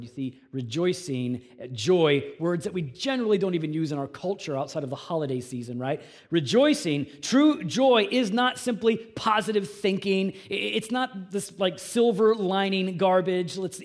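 A man preaching a sermon to his congregation, earnest and conversational, swinging between quiet reflective passages and emphatic raised lines. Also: sits high. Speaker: pastor.

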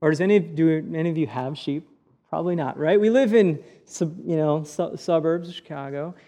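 A male pastor delivering a sermon, reading scripture and then teaching from it in an earnest, unpolished way, often restarting his sentences. His voice sits a little high for a man yet sounds mellow and warm. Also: moderate pace.

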